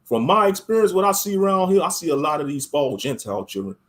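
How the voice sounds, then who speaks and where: Animated ranting man with a higher voice. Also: quick pace. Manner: emphatic and animated, heavy slang, frequent restarts, swings from loud to muttered. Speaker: online commentator. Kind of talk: casual rambling rant.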